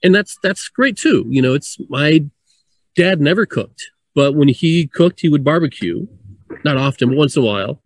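A man in a relaxed, chatty conversation about wine, laughing lightly between points. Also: a little high, moderate pace, dry recording. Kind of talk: casual conversation.

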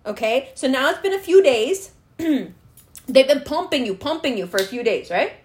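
Woman, high and very animated voice, furious profane monologue, sarcastic lecturer. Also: moderate pace, a little hiss or hum. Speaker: commentator. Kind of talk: angry political rant to camera.

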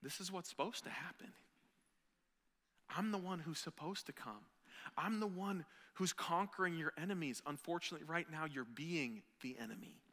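A man voicing a calm, firm male teacher rebuking leaders in a low, quiet tone. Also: normal speed. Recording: long hall reverb.

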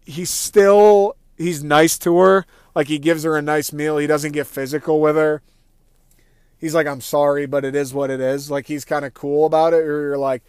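A young man hosting a casual, rambling movie-review podcast, swearing freely and acting out his own reactions in quick asides. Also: on the high side, clean tone, dry recording, clean studio sound. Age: young adult. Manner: rambling, excitable, profane, acts out quoted thoughts. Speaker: podcast host.

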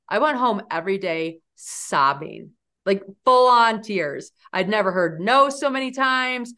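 A woman in her forties, a guest on an interview podcast, telling stories in an animated, lively way. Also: fairly high pitch, unhurried. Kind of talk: storytelling in an interview.

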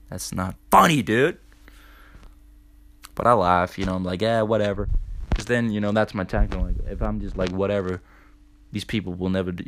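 A man's voice: on the low side, a bit bright. Laid-back young man telling a story. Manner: loose and profane, heavy on "dude" and "like". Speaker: podcast host. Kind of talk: casual storytelling monologue.

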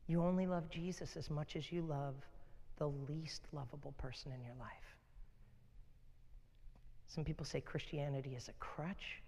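A male pastor preaching a sermon, swinging from loud fervent delivery to hushed, near-whispered lines. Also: a little high, moderate pace, in a large hall.

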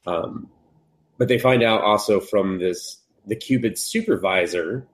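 A man casually recapping an anime on a podcast, swearing freely and jumping into high voices when he quotes the characters. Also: measured pace. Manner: profane, animated retelling, jumps into high voices for characters. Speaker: podcast co-host.

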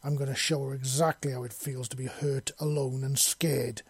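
A man's voice: medium pitch, little pitch movement, moderate pace, slightly rough, dry recording, natural voice. A man voicing a furious vengeful young woman. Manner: shouting, snarling threats.

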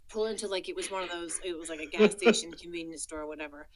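A woman's voice: fairly low pitch, fast talker, poor audio. A woman co-hosting a movie podcast, telling a personal story in casual chat, laughing often and acting out the quotes. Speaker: podcast co-host.

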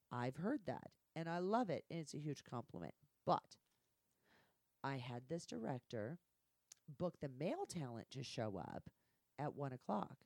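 Low, mellow-voiced woman telling blunt stories. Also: a little slow, vocal fry, no room sound, studio quality. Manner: blunt, profane, animated storytelling. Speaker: guest. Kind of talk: candid podcast storytelling.

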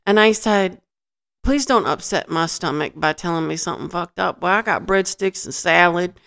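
A woman's voice: fairly low pitch, normal speed, creaky, a bit bright. A woman on a podcast telling a funny story in casual chat, acting out quotes, laughing often and swearing. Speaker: podcast co-host.

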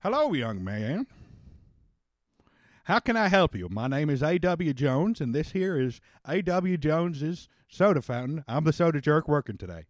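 A man's voice: a little high, very animated, moderate pace, no echo, studio quality. A man doing a prim chinless soda clerk.

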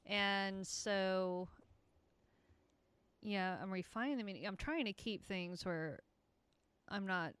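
A guest in a casual chat who talks in a relaxed, easygoing way. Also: mid-range voice, takes it slowly, long pauses, clean tone, no room sound. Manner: relaxed, easygoing, says "you know" a lot.

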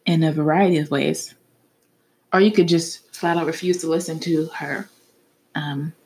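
Low-voiced frank woman podcast host. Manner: candid, frank, swears casually. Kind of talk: casual solo podcast talk.

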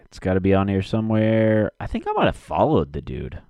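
A man's voice: on the low side, sing-song, a little fast, mellow, no echo. A man rambling casually to himself and his audience from his basement, cursing often and muttering while he searches for something.

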